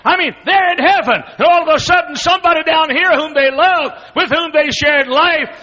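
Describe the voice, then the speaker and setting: A man preaching a sermon, telling a folksy, humorous story with loud bursts. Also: very high voice, normal speed. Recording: dull lo-fi recording.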